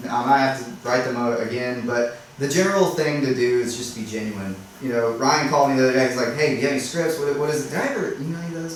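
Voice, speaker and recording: A man speaking casually to a small workshop group, chatty and self-deprecating, acting out doorstep conversations and often asking "right?". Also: medium pitch. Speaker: realtor sharing tips at a workshop. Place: meeting room at a workshop. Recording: echoey room, speaker far from the mic, faint noise.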